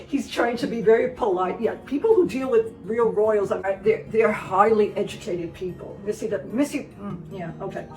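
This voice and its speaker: A woman's voice: mid-range voice, normal speed, hardly any pauses, darkish tone. A woman vlogger giving casual, sarcastic commentary, scolding and repeating words for emphasis. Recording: roomy sound, distant mic, faint music.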